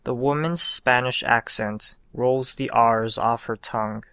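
A man reading his own short story aloud in a calm, unhurried storytelling manner. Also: medium pitch, clean tone, no echo. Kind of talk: scripted narration of a short story.

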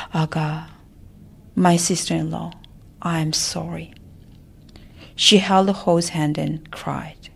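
A woman narrating a family memoir in a soft, often whispered voice. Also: low-pitched, vocal fry. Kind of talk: memoir storytelling.

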